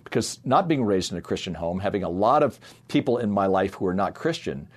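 Middle-aged male ministry speaker, low voice, earnest family-story sermon. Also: lively intonation, a little fast. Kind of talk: sermon-style talk with personal stories.

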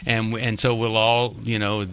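A man's voice: on the low side, flat delivery, moderate pace, fairly bright tone, clean tone, no room sound. A man hosting a radio talk show from a studio, chatting and telling stories with lots of fillers. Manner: chatty, storytelling with many fillers. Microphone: studio microphone.

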